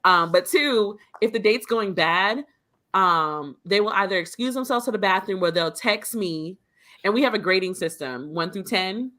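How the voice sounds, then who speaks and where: A woman's voice: medium pitch, normal speed. A woman co-hosting a podcast in casual chat, telling stories and acting out quotes. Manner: animated storyteller, acts out quotes. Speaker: podcast co-host.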